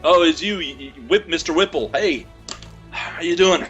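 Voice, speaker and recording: A man's voice: a little high, normal speed, fairly bright tone, highs cut off, soft background music. A man taking part as a player in a tabletop game, speaking in a laid-back, joking way.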